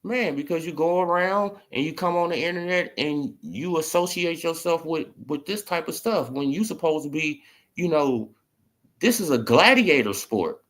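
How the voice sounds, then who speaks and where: A man's voice: fairly high pitch, moderate pace. A man ranting about sports in a casual commentary video, emphatic and repetitive. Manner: animated, emphatic, repeats "bro" and "right?".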